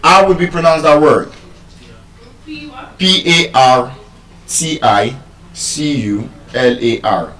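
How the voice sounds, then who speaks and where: Animated Nigerian man lecturing on stage. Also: mid-range voice, slow pace, pauses often, reverberant, distant mic, poor audio. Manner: animated, quizzes the audience, spells words letter by letter. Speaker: public speaker teaching pronunciation. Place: live stage before an audience.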